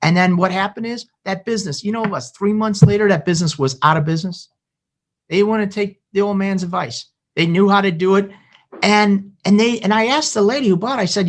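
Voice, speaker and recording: A man's voice: high-pitched, fairly quick. A man from the Chicago suburbs, co-hosting a podcast and telling a story in a rambling way, often restarting his sentences. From Chicago suburbs, USA. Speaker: podcast co-host. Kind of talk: casual podcast conversation.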